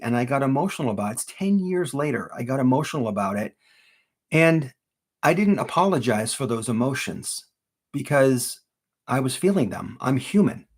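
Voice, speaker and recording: Middle-aged male grief coach, earnest and soft-spoken, halting with fillers, hosting a live Q&A. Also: mid-range voice. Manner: gentle, earnest, many fillers and restarts. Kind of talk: live-stream Q&A, reading viewer questions.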